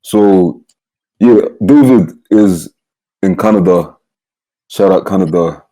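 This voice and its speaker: A young man hosts in a very dark, mellow, low voice. He speaks earnestly and tags many sentences with "yeah.". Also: takes it slowly, low-quality recording. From Nigeria. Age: young adult. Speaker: podcast host. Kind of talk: casual chat.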